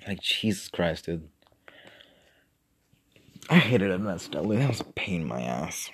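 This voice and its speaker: A man's voice: deep voice, sing-song, moderate pace, slight background noise. A young man rambling casually and profanely on a livestream, with mumbled asides. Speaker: streamer.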